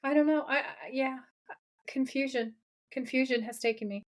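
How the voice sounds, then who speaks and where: A woman's voice: high voice, normal speed. A woman co-hosting a podcast, playfully recapping a TV episode and acting out quoted lines. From raised partly in America. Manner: animated, playful, retells scenes with quoted lines. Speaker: podcast co-host. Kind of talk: casual episode recap chat.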